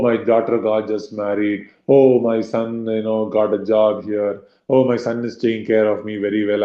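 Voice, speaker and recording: A man giving a devotional scripture lecture in a conversational way, acting out inner voices with many fillers. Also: lowish voice. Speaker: devotional speaker. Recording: roomy, slightly dull recording.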